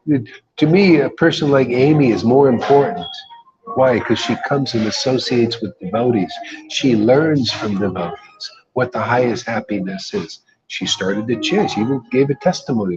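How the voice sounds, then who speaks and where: A man's voice: medium pitch, expressive, a little slow, dull audio, music in the background. A man giving an informal devotional talk as a spiritual teacher, emphatic and colloquial, often calling listeners "man.".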